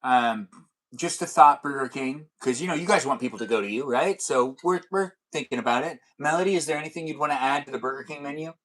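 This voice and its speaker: A man's voice: mid-range voice, fast, fairly bright tone, rough recording. A man hosting a casual livestream chat, rambling and thinking aloud with fillers and restarts. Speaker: livestream host.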